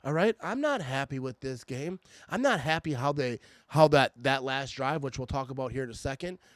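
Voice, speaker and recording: A man's voice: mid-range voice, expressive, normal speed, no room sound. A man in a casual, irritated fan rant about his team, stammering and restarting often. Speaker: sports fan vlogger.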